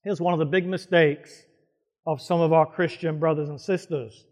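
A man's voice: fairly high pitch, fairly even intonation, moderate pace, a little mellow, big-room sound. A male pastor preaching a sermon to a congregation, emphatic and putting questions to the room. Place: church hall before a congregation.

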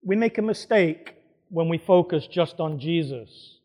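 Male pastor, emphatic sermon delivery, quizzes the congregation, fairly high voice. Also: animated, a little slow, warm tone, big-room sound. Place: church hall before a congregation.

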